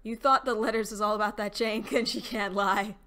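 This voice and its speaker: A woman streamer with a bright, lifted tone talks easily with her viewers. She thinks aloud as she goes, trailing off with fillers and reading out chat messages. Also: mid-range voice, steady tone, fairly quick. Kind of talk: casual live-stream chat while deckbuilding.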